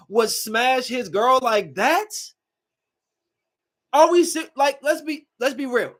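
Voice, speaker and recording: A man hosting a podcast, giving a casual, slangy movie review with emphatic rants and quick asides. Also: very high-pitched, a bit bright. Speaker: podcast host.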